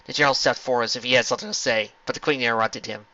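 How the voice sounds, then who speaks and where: A man reading a fan fiction story aloud with expressive narration. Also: mid-range voice, racing. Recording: lo-fi home recording.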